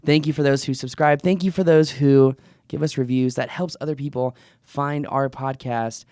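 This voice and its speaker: A man's voice: medium pitch, fairly even intonation, moderate pace, a little mellow, no echo, clean studio sound. A man hosting a podcast in casual, jokey, upbeat chat. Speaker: podcast host.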